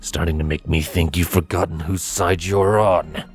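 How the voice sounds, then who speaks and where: A man's voice: low voice, fairly even intonation, moderate pace, faint music behind, pitched below the performer's own voice, natural voice. A man doing a growling hostile griffin. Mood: accusing. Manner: growling and accusing. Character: large hostile male griffin brute.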